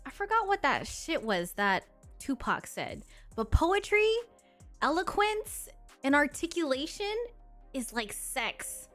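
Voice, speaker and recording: A woman's voice: high-pitched, sing-song, slow pace, fairly bright tone, soft background music. A woman in her thirties, a streamer in casual chat with her viewers, talking in a blunt, sassy and crude way and laughing often. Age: 30s.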